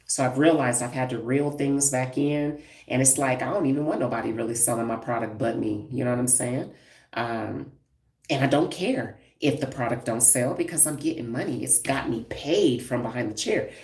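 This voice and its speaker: A low-pitched woman in her fifties talks bluntly and with emphasis straight to her viewers, like a stylist chatting on a live stream. Her voice sounds roomy and echoey, picked up from some distance from the mic. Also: moderate pace, a little mellow. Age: 50s. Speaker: hairstylist and brand owner. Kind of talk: live-stream casual talk.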